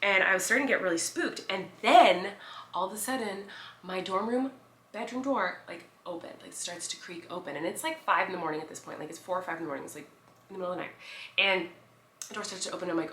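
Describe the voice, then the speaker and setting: Chatty, bright-voiced woman vlogger. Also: lowish voice, quick pace, roomy sound, a little hiss or hum. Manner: rambling, animated, lots of fillers and "like". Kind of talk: casual chatty vlog storytelling.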